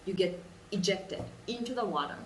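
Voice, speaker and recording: Woman, animated storyteller, repeats phrases, echoey room. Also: mid-range voice, moderate pace, a little hiss or hum. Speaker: vlogger. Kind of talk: guided imagination exercise. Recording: roomy sound, distant mic, faint ambience.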